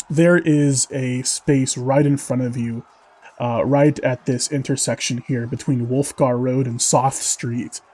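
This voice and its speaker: A man's voice: mid-range voice, darkish tone, husky. A man narrating as game master, describing scenes vividly with many fillers.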